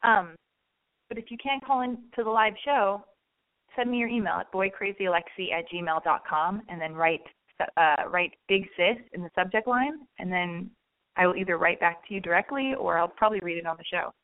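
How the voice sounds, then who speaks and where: A woman's voice: on the low side, moderate pace, no echo, phone-quality sound. A woman hosting her own call-in podcast, gushing and rambling in casual chat, swearing freely. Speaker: podcast host.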